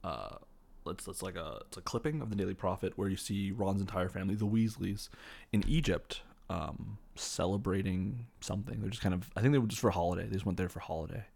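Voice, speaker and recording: A man's voice: low voice, brisk, creaky, a little mellow. A man hosting a podcast, casually retelling a film from memory in a rambling way, full of fillers and self-corrections. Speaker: podcast host.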